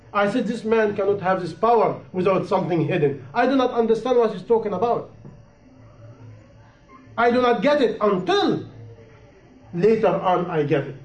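Man preaching, high voice, impassioned, repeats for emphasis, dull lo-fi recording. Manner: impassioned, repetitive, rising and falling emphasis. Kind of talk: sermon. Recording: echoey room, dull lo-fi sound.

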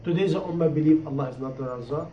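Man preaching, high voice, impassioned, repeats for emphasis, dull lo-fi recording. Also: quick pace, mellow. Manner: impassioned, repetitive, rising and falling emphasis. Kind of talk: sermon. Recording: echoey room, dull lo-fi sound.

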